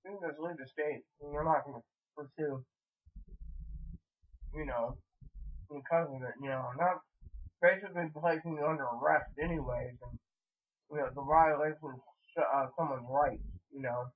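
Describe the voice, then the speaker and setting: A man's voice: on the high side, normal speed, long pauses, breathy edge. A man giving a casual, rambling vlog update, full of fillers and restarts. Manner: meandering, many fillers and restarts. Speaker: vlogger. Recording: tinny phone-like audio.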